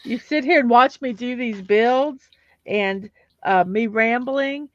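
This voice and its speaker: A woman's voice: a little high, slow, no echo, highs cut off. A woman hosting a livestream, chatting casually and rambling with fillers and restarts while she builds blocks.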